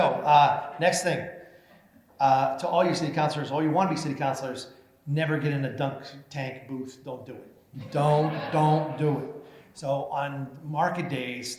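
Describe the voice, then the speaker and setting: A mayor with a medium-pitched voice gives a humorous award speech at a moderate pace in a banquet hall at a chamber of commerce meeting. He tells funny, self-deprecating stories, acts out voices in his anecdotes, and uses many fillers. The recording has a roomy hall sound with faint noise.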